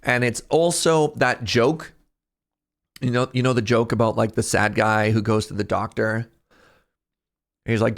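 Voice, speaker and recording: A man's voice: medium pitch, fairly even intonation, measured pace, long pauses. A man streaming live, chatting casually with his viewers in a jokey, talkative way and laughing often.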